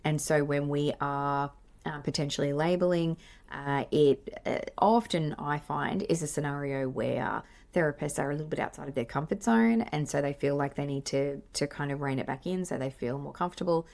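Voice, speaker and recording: A middle-aged Australian woman talks through a teaching point on her podcast. Her voice sits low with a gravelly fry, and she rambles warmly through fillers and restarts, laughing at herself. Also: moderate pace. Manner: chatty, self-deprecating, many fillers and restarts. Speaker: play therapist and podcast host. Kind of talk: casual teaching monologue.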